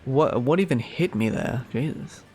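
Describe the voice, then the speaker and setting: A man's voice: mid-range voice, animated, normal speed, warm tone, soft background music. A young Australian man streaming a game, rambling sarcastically with many fillers. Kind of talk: casual gaming commentary.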